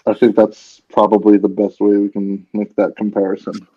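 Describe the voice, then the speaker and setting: A man with a lowish voice talks loosely in a casual group hangout. He rambles and restarts his sentences as he goes. The recording sounds dull and lo-fi. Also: monotone, normal speed. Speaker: host.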